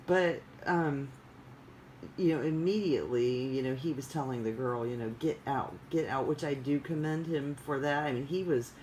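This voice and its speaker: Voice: medium pitch, a little mellow, a little hiss or hum, poor audio. A vlogger chatting casually in a rambling, digressive way with many fillers. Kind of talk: casual chat.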